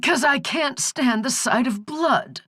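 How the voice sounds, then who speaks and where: A woman putting on a croaking old crone voice for a cantankerous, hard-of-hearing country woman on a phone prank. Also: high voice, takes it slowly, a bit bright, dry recording, clean studio sound, voice pushed up, exaggerated voice. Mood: cranky. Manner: cantankerous, folksy drawl.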